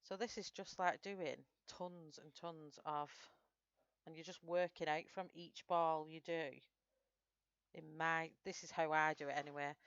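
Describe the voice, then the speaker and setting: A woman's voice: deep voice, clear, resonant tone, no echo, muffled recording. A woman with a Northern English accent, chatting through a live colouring tutorial and answering viewers' comments as she works. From Northern England. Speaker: streamer.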